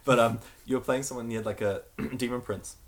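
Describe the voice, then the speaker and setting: A man, hosting a casual chat, telling animated stories full of swearing and laughter. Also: mid-range voice, fast.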